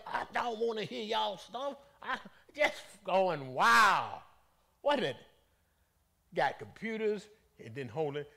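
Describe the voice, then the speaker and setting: A man leading a Bible study as bishop, preaching in an animated, folksy way and calling out to the congregation. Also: sits high. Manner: animated, conversational, calls out to the congregation; colloquial, folksy phrasing.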